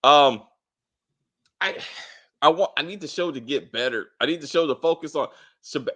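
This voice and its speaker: A man co-hosting a casual spoiler review of a TV drama, talking in a blunt, animated way, cursing freely and restarting his sentences often. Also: fairly high pitch, moderate pace. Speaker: TV show reviewer, co-host.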